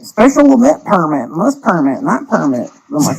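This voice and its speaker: A man's voice: high-pitched, big pitch swings, fairly quick, gravelly, husky, poor audio. A man, tired after a long day, rambling bluntly and swearing in a casual livestream chat. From Texas. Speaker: guest on a livestream.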